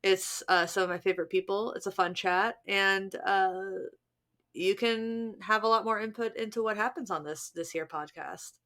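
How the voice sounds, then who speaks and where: Woman, thirties, podcast co-host, casual chat, chatty, animated delivery. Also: mid-range voice, normal speed. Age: 30s. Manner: chatty, animated, laughs often, many restarts.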